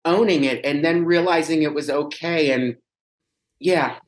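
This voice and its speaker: A man talking as a podcast guest, telling a personal story in an animated, rambling way. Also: fairly high pitch, a little slow. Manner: animated, chatty, rambling with restarts. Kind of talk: casual storytelling chat.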